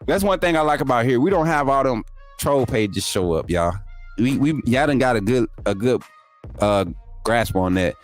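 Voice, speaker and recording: A young man, hosting a sports livestream, reading super chats and teasing viewers in energetic, laughing banter. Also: medium pitch, normal speed, soft background music. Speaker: YouTube sports show host.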